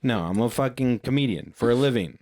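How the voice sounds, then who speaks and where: A man's voice: mid-range voice, lively intonation, fairly quick, darkish tone. A man in his thirties co-hosting a podcast, telling a story in casual chat, joking and swearing, now and then slipping into goofy voices. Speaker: podcast co-host.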